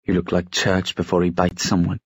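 A man's voice: deep voice, completely flat delivery, a little fast, breathy edge, no echo, clean studio sound. A man voicing an intense, reckless young shadow hunter in an audiobook, pleading and earnest.

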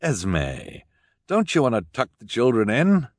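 A man voicing a mild, agreeable middle-aged man in an audiobook, gentle and accommodating. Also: mid-range voice, huge pitch swings, unhurried, dry recording, clean studio sound, pitched above the performer's own voice.

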